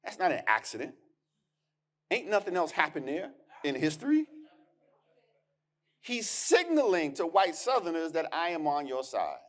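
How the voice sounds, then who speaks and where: A man's voice: a little high, very animated, normal speed, long pauses. A man giving a keynote lecture as a historian, emphatic and conversational, with punchy asides and words repeated as he restarts. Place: lecture hall.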